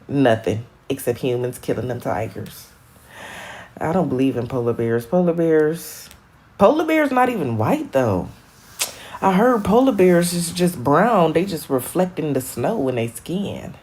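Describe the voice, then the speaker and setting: A young woman from Michigan chatting on a live stream, rambling, animated and profane, laughing at her own jokes. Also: low-pitched, unhurried. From Michigan, USA. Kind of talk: casual live-stream chat.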